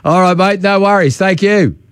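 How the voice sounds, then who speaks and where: A man's voice: high-pitched, moderate pace, a bit bright, smooth, dry recording. An Australian man hosting a morning radio show, jokey and matey, often laughing with callers. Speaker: radio host. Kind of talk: breakfast radio chat.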